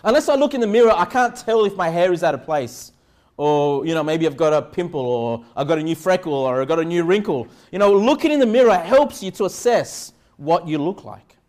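High-voiced preaching man. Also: lively intonation, a little mellow. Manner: earnest preaching, rhetorical questions; slow, deliberate scripture reading. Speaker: pastor. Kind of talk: sermon.

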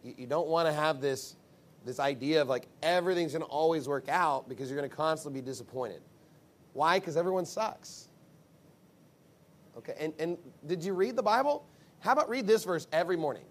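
A man giving sermon-style advice, animated and acting out the voices of people he quotes. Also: fairly high pitch, fairly quick, a little hiss or hum.

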